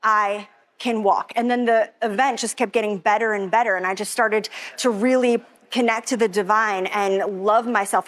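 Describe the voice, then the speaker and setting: Emotional woman telling her healing story. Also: a little high. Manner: emotional, rambling, lots of "like" quoting herself. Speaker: testimonial speaker. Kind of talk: personal testimony.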